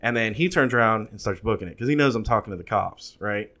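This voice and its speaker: A man's voice: on the low side, lively intonation, fast, sharp tone. A man in his thirties telling a long, profane story in casual chat, with frequent restarts.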